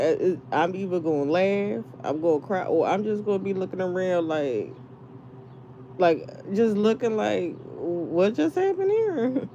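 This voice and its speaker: A woman's voice: on the low side, dark tone, dull audio, slight background noise. A woman venting casually to her viewers, rambling, swearing and laughing as she tells stories. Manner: profane, laughing, rambling storytelling. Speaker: live streamer.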